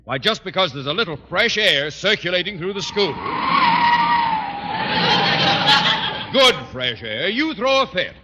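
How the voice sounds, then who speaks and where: A bossy, pompous principal who bellows and lectures in a 1940s radio sitcom. His voice sits high and swings widely up and down. It comes through a dull, hissy old broadcast recording. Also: big pitch swings, moderate pace. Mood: indignant. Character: blustering pompous middle-aged male school principal. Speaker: school principal.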